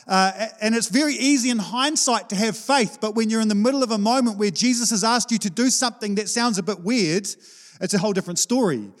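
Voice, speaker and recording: A man's voice: sits high, quick pace. A man, preaching a sermon to his church in an informal, conversational way. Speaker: pastor. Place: church hall. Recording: long reverb of a church hall.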